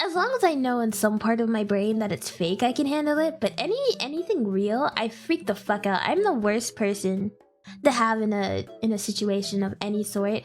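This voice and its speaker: A young woman streams and chats casually, swearing freely and laughing a lot. She deliberately pushes her recovering voice lower.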